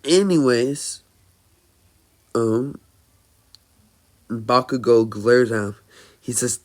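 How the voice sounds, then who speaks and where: A man improvising a fan-fiction story as narrator, halting often with fillers and restarts. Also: mid-range voice.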